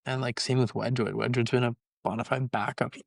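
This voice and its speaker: A man's voice: medium pitch, fairly even intonation, fairly quick, gravelly, no room sound. A young man co-hosting a podcast, chatting casually about hockey and telling stories loosely, full of fillers. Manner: loose, filler-heavy storytelling. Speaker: podcast co-host. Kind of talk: casual sports chat.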